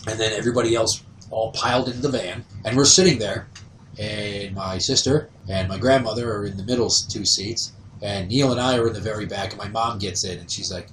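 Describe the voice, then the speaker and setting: Man, podcast host, comic storytelling, animated, roomy room, off-mic. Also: lowish voice, fairly quick, a little hiss or hum. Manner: animated, acts out quoted voices. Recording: roomy, slightly distant from mic.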